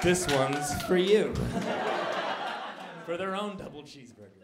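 A man performing a stand-up comedy set, telling a story with animated, rising mock outrage. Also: fairly high pitch, measured pace, over loud music. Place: comedy club stage. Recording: echoey club with crowd laughter.

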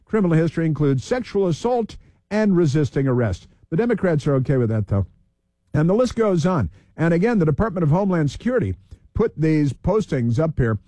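Man, talk radio host, heated, repetitive, reels off lists, dark tone, dry sound. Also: a little high, big pitch swings, a little fast, no room sound. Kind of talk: political talk radio commentary.

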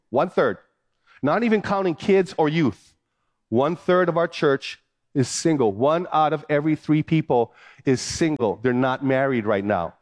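A man preaching a sermon, emphatic and repeating phrases to drive points home. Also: on the high side. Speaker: pastor.

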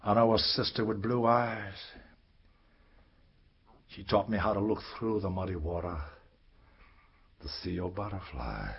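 A man telling a poetic spoken-word story in a sing-song way, swinging from soaring highs to hushed lows, heard on a dull lo-fi recording. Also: measured pace, creaky, long pauses, slightly rough.

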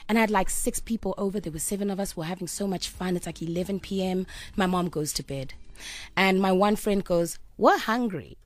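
A woman's voice: lowish voice, fairly quick, no echo. A woman on a radio show, telling a story with animation, acting out the quotes and laughing. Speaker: radio co-host.

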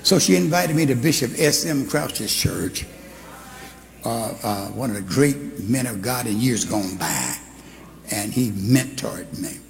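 Male preacher, gravelly voice, long church reverb, testimony and sermon, fervent delivery. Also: medium pitch, measured pace. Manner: animated storyteller, rising to fervent preaching. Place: church sanctuary.

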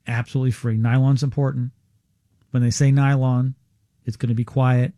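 A male radio show host making an on-air sales pitch, urgent and salesy, repeating key numbers slowly. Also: little pitch movement, dark tone, no echo, studio quality.

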